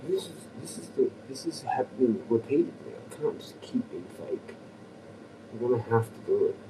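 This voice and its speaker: A man's voice: mid-range voice, expressive, moderate pace, distant mic, background noise. An Australian man rambling and ranting on a livestream, profane and agitated.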